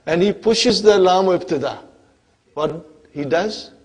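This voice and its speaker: A man teaching an Arabic grammar class, speaking slowly and deliberately and often checking that his listeners follow. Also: sits high, a little mellow. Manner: slow, deliberate, constantly checks on listeners with questions.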